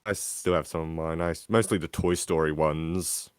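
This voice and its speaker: A bass-voiced man co-hosts a podcast, speaking at normal speed with fairly even intonation and a smooth tone. The audio is clean studio quality with no echo, and his casual chat rambles with many restarts and fillers.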